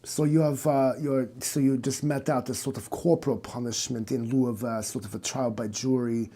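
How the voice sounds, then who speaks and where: A man's voice: mid-range voice, steady tone, moderate pace, warm tone, natural voice. A man voicing a pompous, middle-aged German psychoanalyst with a German accent, who speaks in a stiff, formal and fussy way. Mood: earnest.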